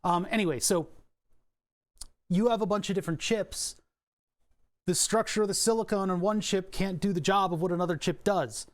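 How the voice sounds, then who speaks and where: A man's voice: high-pitched, moderate pace, long pauses. A man live-streaming from his desk, casually explaining electronics in a rambling, profane way. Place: desk at home.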